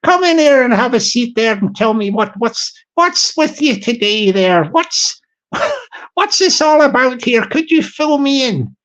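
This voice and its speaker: A man voicing a busy, high-up Irish council woman with a chirpy, giggly, sing-song manner and an Irish accent. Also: lively intonation, a little slow, fairly bright tone, exaggerated voice. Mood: welcoming.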